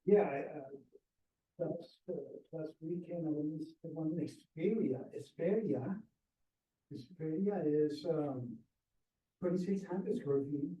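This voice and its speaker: A man realtor describing a listing in a meeting, halting with many fillers. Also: fairly high pitch. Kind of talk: casual meeting remarks. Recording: dull, echoey, distant room sound.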